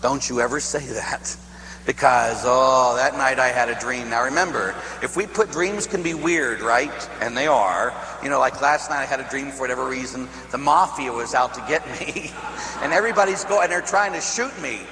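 Bright-voiced priest in an echoey hall. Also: male voice, medium pitch, normal speed. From Pittsburgh, USA. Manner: animated, laughing, asks "huh?". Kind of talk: storytelling sermon. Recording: echoey hall, faint hum.

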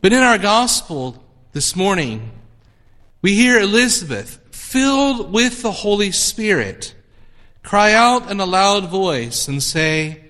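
A priest reading the gospel and preaching a homily, measured and emphatic, building his points through repetition. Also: high voice, very animated, pushed and bright, big-room sound.

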